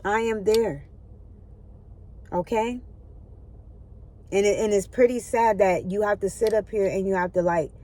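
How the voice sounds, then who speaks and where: A woman's voice: fairly low pitch, a little mellow. Woman preaching into her phone, earnest, keeps asking y'all okay. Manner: earnest, preachy, checks in with listeners often. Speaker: spiritual vlogger. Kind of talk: spiritual motivational talk.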